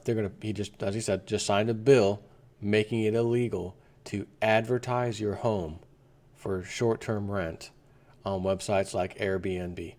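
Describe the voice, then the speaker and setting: A man hosting an opinion commentary vlog, talking in an indignant, rambling rant. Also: on the low side. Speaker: vlogger host.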